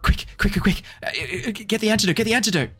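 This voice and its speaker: A man voicing a panicky young male wood elf cultist who pleads in shrill, repeated bursts. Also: a little slow, a bit bright, slightly rough, heavily acted. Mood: frantic.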